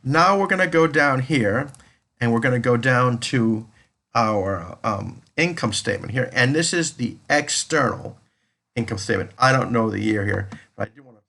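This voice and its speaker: Gravelly-voiced man explaining accounting. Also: medium pitch, moderate pace, pushed and bright. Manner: explanatory, repeats and restates points. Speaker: accounting lecturer. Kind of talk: recorded lecture walking through a spreadsheet.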